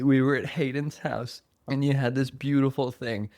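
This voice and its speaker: A man's voice: medium pitch, fairly even intonation, moderate pace, hardly any pauses, darkish tone, no echo. A man hosting a podcast, casually telling a game story with lots of laughs, swearing and acted-out quotes. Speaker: podcast host and dungeon master.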